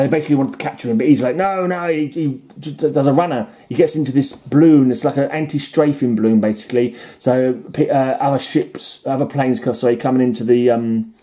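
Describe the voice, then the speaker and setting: A man's voice: mid-range voice, dark tone. A man casually summarizing old comic stories, rambling with restarts and chuckles. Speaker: comic reviewer. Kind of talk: casual chat.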